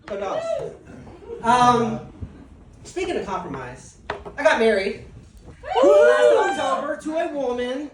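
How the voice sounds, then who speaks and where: A woman's voice: sits high, big pitch swings, a little slow, pauses often, distant mic, background noise. A woman performing a casual, self-mocking stand-up comedy set on a club stage and laughing at her own jokes. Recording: echoey club recorded from afar.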